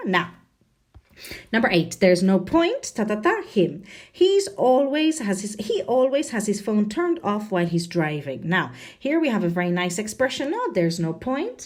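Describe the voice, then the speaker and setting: Woman teacher, animated grammar lesson, tag questions throughout, voice rising and falling widely. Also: medium pitch. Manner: lively and chatty, checking in with frequent "no?" tags. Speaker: English teacher.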